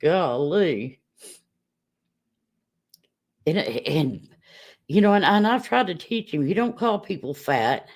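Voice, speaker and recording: A woman's voice: low-pitched, expressive, slow, pauses often, darkish tone. Laughing, chatty woman livestreamer. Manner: chatty storyteller, laughs often. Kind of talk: casual livestream chat with viewers.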